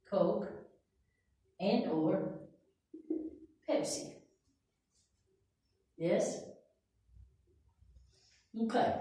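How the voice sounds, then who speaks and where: An American woman teaching an English lesson, slowly and carefully enunciating example words. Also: mid-range voice, mellow. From United States. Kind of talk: slow, deliberate language lesson. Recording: echoey room, voice from a distance.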